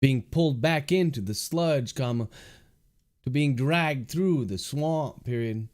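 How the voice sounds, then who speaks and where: Man, author, dictation, spoken punctuation, mellow, mid pitch. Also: slow. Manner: reads out punctuation marks word by word. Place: livestream.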